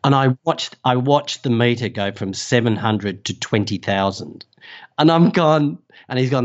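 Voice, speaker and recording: An Australian man, a travel safety writer, telling a story in a casual, animated way and laughing often. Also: medium pitch, normal speed, muffled recording. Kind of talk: casual anecdote.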